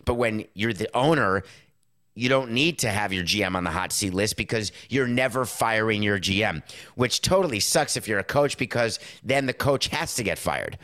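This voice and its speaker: A middle-aged man hosting a show, giving a casual sports commentary monologue with lots of rhetorical questions and quick self-corrections. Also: lowish voice, lively intonation, a bit bright, no echo, clean studio sound. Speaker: podcast host.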